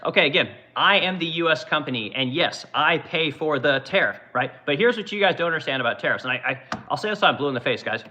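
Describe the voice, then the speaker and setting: A man's voice: fairly high pitch, animated, fast talker, hardly any pauses, pushed and bright, poor audio. A man in his forties from Oregon hosting a livestream, ranting in casual, profane commentary. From Oregon, USA. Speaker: livestream host and business owner.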